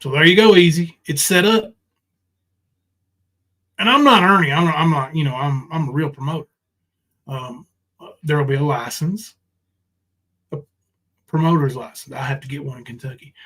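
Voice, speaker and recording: A man's voice: fairly high pitch, normal speed, long pauses, fairly bright tone, rough recording. A man ranting on a livestream, confrontational and profane, full of ums and restarts. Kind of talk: casual livestream rant.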